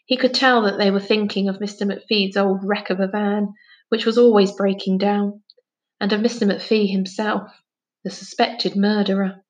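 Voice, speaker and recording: A woman's voice: mid-range voice, fairly even intonation, moderate pace. Woman reading a children's story aloud. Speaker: story reader.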